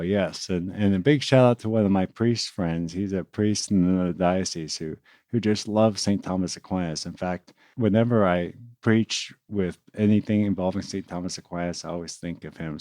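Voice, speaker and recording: A man's voice: deep voice, darkish tone, dry recording. A man, a diocesan priest, co-hosting a podcast and reflecting earnestly on a saint, with small restarts. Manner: earnest, reflective, with repeated words. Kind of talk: casual podcast chat.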